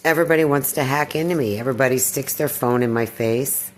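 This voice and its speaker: A woman talking in a personal vlog monologue, weary and distressed, sighing and clearing her throat. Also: rumbling low, quick pace. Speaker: video blogger.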